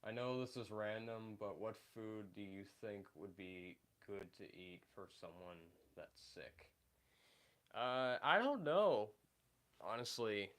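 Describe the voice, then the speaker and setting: A man's voice: fairly low pitch, lively intonation, takes it slowly, fairly bright tone. A man hosting a casual live stream, rambling and hesitant with many fillers while recovering from being sick. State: recovering from illness. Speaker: livestream host reading chat.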